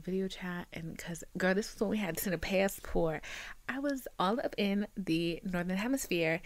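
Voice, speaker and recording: A young woman talking casually to her camera, rambling and chatty, calling her viewers "girl". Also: on the low side. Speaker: vlogger. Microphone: camera mic.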